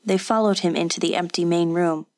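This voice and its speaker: Woman narrator, audiobook, lowish voice, dry close sound, unhurried. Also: fairly even intonation, no room sound. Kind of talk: scripted narration.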